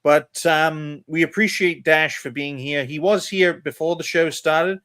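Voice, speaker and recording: A man's voice: a little high, fairly even intonation, unhurried, a bit bright. A man hosting a casual streamed panel podcast, talking animatedly and calling the listeners folks. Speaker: podcast host.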